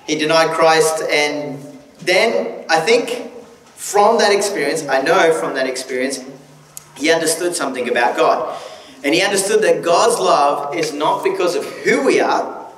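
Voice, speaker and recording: A man's voice: fairly high pitch, a little slow, a bit bright, reverberant, long reverb tail, far from the mic, a little hiss or hum, rough recording. A man preaching a sermon as a guest speaker, conversational and joking, often restarting his sentences. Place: church hall.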